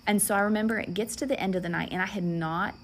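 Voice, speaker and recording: A woman giving a sermon testimony, earnest and emotional, dropping into soft whispers at times. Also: mid-range voice, fast, slight background noise. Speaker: preacher.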